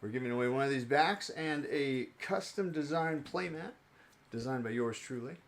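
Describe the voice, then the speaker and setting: A man's voice: mid-range voice, normal speed, creaky. A young man chatting casually on his live stream as he opens card packs, rambling and joking about himself.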